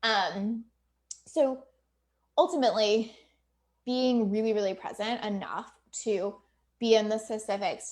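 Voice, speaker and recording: A woman coach talking casually to viewers on a live video, emphatic and chatty with lots of fillers, now and then swearing. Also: a little high. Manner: acts out quoted client voices. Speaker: business coach.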